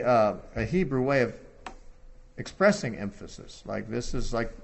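A man giving an expository Bible teaching, conversational and thinking aloud, lifting his voice when he quotes scripture. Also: mid-range voice.

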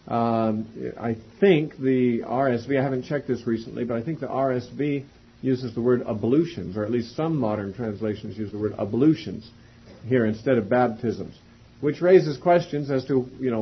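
Man, Bible teacher, very husky voice, methodical lecture, dull lo-fi recording. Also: medium pitch. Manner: methodical, spells out words, frequent uh fillers.

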